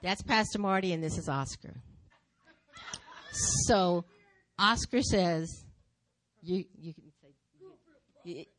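Low-voiced woman telling church testimony. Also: slow pace, pauses often. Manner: lively storytelling with repeated phrases. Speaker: church speaker giving testimony. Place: church sanctuary.

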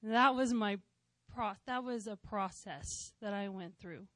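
A woman's voice: mid-range voice, a little slow, a bit bright, dry recording. A woman in her thirties sharing a personal testimony in church, heartfelt and conversational with touches of light humor.

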